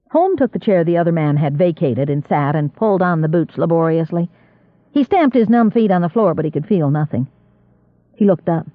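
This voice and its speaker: A man narrating an audiobook in a measured, expressive reading voice. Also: a little high, no echo. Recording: dry, tinny phone-like audio.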